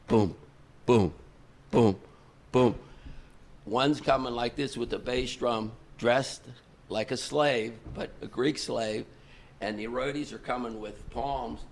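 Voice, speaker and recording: A man, a concert promoter guest on a podcast, telling an animated story and acting out the dialogue. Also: mid-range voice, gravelly. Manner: animated, chuckles through the story, acts out dialogue.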